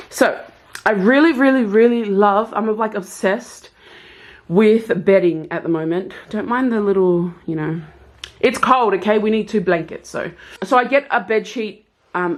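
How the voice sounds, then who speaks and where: A chatty young woman vlogging casually from her bedroom at home, rambling through her plans and purchases. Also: medium pitch. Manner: chatty, rambling, self-aware. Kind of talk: casual vlog chat.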